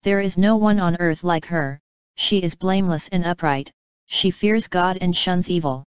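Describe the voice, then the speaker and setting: Woman doing a grave loving old storybook king, slow and tender, smooth low tone. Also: dry recording, lightly acted. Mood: solemn.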